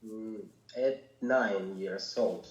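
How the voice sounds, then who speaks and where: A man's voice: fairly low pitch, extremely slow, a little mellow, reverberant, rough recording. A man who is a guest musician, giving brief, hesitant answers in a casual interview over a video call. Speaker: guest accordionist.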